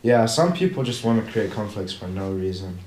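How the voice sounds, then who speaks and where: A man's voice: on the low side, lively intonation, brisk, a little mellow, echoey room, a little hiss or hum. A man co-hosting a casual podcast, mostly giving short reactions and asking questions. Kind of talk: casual chat.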